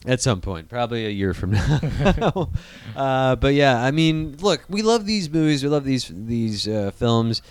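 Brief: male podcast host, clear voice, dry close sound, crude and jokey. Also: medium pitch, a little mellow, no echo. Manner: crude and jokey, lots of fillers. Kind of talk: casual chat and reading news.

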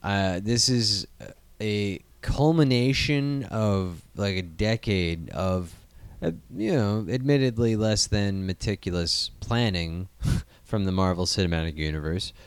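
A man's voice: on the low side, unhurried, few pauses, clean tone, no echo. A man co-hosting a casual podcast, talking in a jokey, profane, rambling way. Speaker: podcast co-host.

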